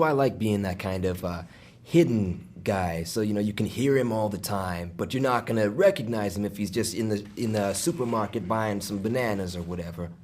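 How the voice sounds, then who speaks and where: A man who works as a voice actor, talking in a relaxed, easygoing way during an interview at a fan convention. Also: fairly low pitch. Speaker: voice actor guest. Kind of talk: casual interview.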